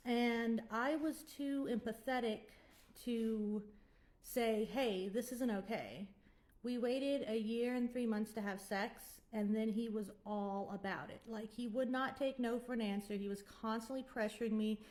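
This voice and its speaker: A fairly high, darkish voice belongs to a woman in her twenties vlogging about her own life. She's frank and sometimes rambling, offering advice bluntly.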